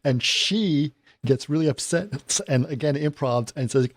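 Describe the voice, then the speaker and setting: A man's voice: on the high side, measured pace, no room sound. A man co-hosting a casual film podcast, recapping the plot step by step and often agreeing with his partner. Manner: plot recaps with fillers and restarts, frequent agreeing "right". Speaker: podcast co-host.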